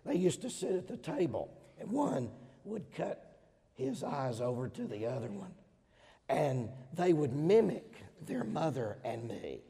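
A middle-aged man from Georgia with a Southern accent, preaching a sermon emphatically, swinging between loud stressed words and quieter asides. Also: medium pitch, very animated, measured pace, creaky, husky. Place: large hall with audience. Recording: hall reverb.

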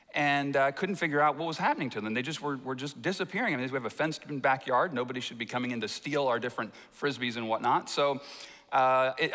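A man preaches a sermon in a folksy, storytelling way, his voice bright and forceful. He builds up his anecdotes with lively energy before settling into teaching. The sound carries the long reverb of a large hall. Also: mid-range voice. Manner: folksy storytelling, animated when telling anecdotes. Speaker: pastor.

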